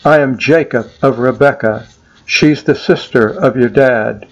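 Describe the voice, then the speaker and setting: An earnest young traveler, as a man reading a storybook poem puts him on, eager and pleading. His voice is neither high nor low, in a slightly dull lo-fi recording. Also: a little slow.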